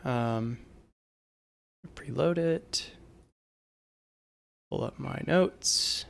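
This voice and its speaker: A man's voice: mid-range voice, extremely slow, vocal fry. A man narrating and running a tabletop game as dungeon master, chatty and giggly with many fillers.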